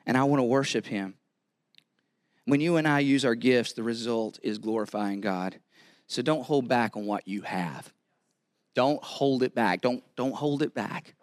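A man with a Southern US accent preaching a sermon as pastor, animated and repeating words as he builds to excited exhortation. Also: mid-range voice, normal speed. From American South.

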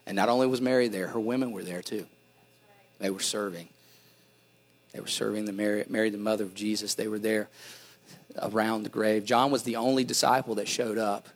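A middle-aged man pastor preaching a sermon, animated, often repeating and restarting words, with dad jokes. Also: fairly low pitch.

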